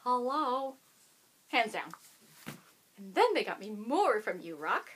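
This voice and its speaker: A woman's voice: mid-range voice, very animated, a little slow, slight background noise. A woman hosting a knitting video podcast, chatting casually and bubbly to the camera and talking to her dog now and then.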